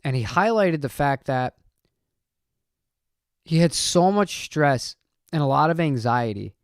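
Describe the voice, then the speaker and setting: Chatty man with a smooth, dry voice. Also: fairly high pitch, no echo. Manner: rambling, chatty, reads chat aloud. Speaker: channel host. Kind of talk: casual live-stream chat.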